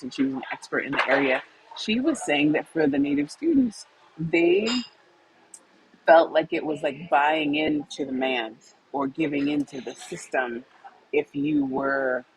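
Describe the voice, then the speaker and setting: A woman's voice: sits low, slight background noise, poor audio. A woman co-hosting a podcast, talking at length in a rambling, chatty way with restarts, who teaches a university class. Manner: talkative, rambling with restarts and laughs. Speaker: co-host; university instructor. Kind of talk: casual podcast conversation.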